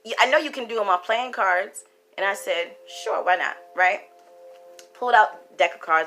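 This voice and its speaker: Sassy, animated woman telling a story. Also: mid-range voice, moderate pace. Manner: animated, sassy, talks to the viewer directly. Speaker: storyteller and spiritual reader. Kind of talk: casual storytime monologue. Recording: faint background music.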